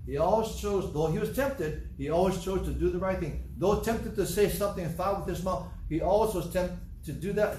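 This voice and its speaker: An older man preaches a sermon, spinning stories and repeating his points with humorous asides. His voice sits a little high and is caught from some distance in an echoey church hall with a faint murmur of room noise. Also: a little mellow. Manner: storytelling, repetitive, humorous asides.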